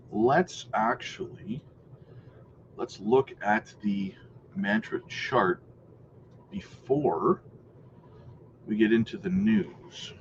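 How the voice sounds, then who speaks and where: A man hosting a crypto news channel, giving casual market commentary in a chatty, hedging way, with many fillers and frequent throat clearing. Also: fairly low pitch, lo-fi sound, a little hiss or hum.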